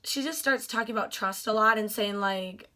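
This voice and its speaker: A young woman vlogger telling a story with gushing excitement, full of fillers. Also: mid-range voice, normal speed. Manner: gushing, animated, many fillers like "like".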